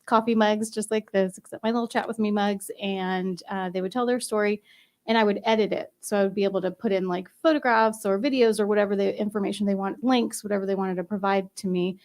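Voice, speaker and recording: A woman's voice: medium pitch, fairly even intonation, fast talker, darkish tone. A woman guest on a casual podcast, explaining her shows in an upbeat, chatty way. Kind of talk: casual interview chat.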